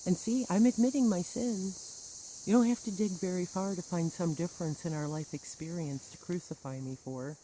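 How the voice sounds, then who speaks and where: A woman's voice: fairly low pitch, moderate pace, mellow, slight background noise, poor audio. A woman telling a personal grievance story in a bitter, sarcastic monologue with wry laughs. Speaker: churchgoer recounting grievances.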